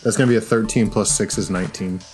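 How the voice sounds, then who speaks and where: A man's voice: fairly low pitch, steady tone, quick pace, darkish tone, faint music behind. A young man playing a tabletop game, casual and joking. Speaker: player.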